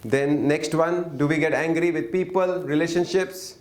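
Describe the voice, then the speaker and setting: A man's voice: a little high, steady tone, moderate pace. A man teaching an interactive lesson, often asking the audience questions and waiting for replies. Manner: questioning, coaxing the audience to answer. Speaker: workshop teacher. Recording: echoey room.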